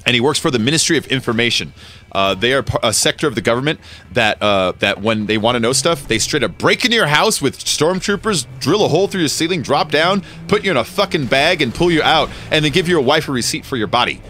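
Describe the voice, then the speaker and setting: A man's voice: mid-range voice, expressive, fast, bright, forceful tone, slight background noise. A man hosting a game stream, chatting casually and joking, rambling and swearing freely. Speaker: streamer and host.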